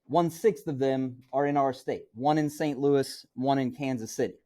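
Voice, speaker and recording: Middle-aged male teacher from Missouri, mid-range voice, relaxed classroom lecture with "right?" check-ins. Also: mid-range voice, moderate pace.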